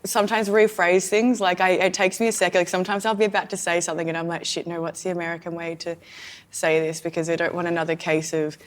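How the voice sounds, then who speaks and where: A woman with an Australian accent, hoarse as she recovers from illness, chatting as a podcast co-host. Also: lowish voice, little pitch movement, fast. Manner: chatty, laughs often. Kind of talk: casual chat.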